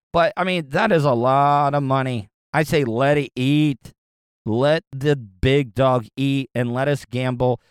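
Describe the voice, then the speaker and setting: Rambling, profane man with a smooth voice. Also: a little high, no room sound, clean studio sound. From Florida, US. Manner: rambling, profane, stumbles and repeats words. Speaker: commentator reacting to news clips. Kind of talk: casual ranting commentary.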